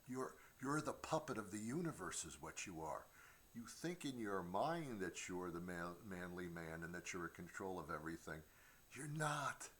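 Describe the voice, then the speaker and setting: A man's voice: low-pitched, very animated, normal speed, a bit bright, slight background noise. A middle-aged man hosting a comedy show from his home studio, rambling through a stand-up monologue with stammered restarts and mock voices. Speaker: comedian host.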